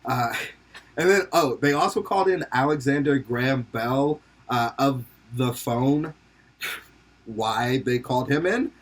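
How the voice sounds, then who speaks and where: A man's voice: medium pitch, slow pace. A young man hosting a podcast, rambling and joking in casual commentary, laughing often and swearing freely. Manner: slips into silly put-on voices for quotes. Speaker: podcast host.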